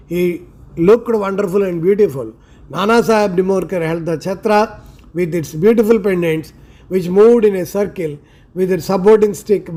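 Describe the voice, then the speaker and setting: A man with an Indian English accent reading a devotional scripture aloud in a slow, measured, reverent way with pauses. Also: high voice, mellow. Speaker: scripture reader.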